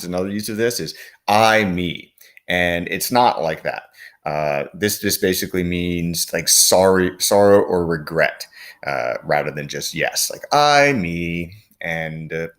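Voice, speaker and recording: A man's voice: low voice, a bit bright. A man teaching a lesson, explaining patiently with frequent fillers and reading quoted lines aloud. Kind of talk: recorded classroom lecture.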